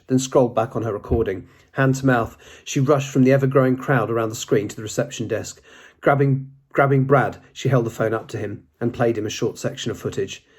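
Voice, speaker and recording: A man reads an audiobook in a husky, mid-pitched voice. He keeps the narration plain and gives the dialogue only a light touch of voicing. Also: darkish tone.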